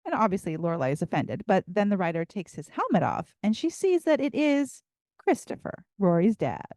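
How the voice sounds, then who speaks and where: A woman co-hosting a podcast, recapping episodes in casual chat with frequent laughs and animated storytelling. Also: mid-range voice, a little fast, no echo, clean studio sound. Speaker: podcast co-host.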